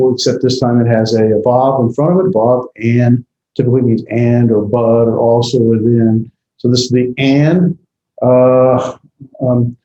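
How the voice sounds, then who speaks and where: A man's voice: medium pitch, mellow, reverberant, lo-fi sound, slight background noise. A man teaching a class in a rambling way, with many fillers and restarts, tired after a long day. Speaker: instructor. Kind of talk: classroom lecture.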